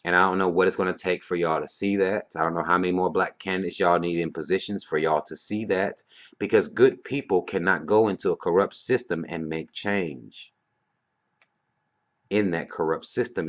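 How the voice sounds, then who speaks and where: With a low voice, fairly bright tone and moderate pace, a vlogger vents to the camera. The rant is casual yet heated, blunt and profane, packed with rhetorical questions.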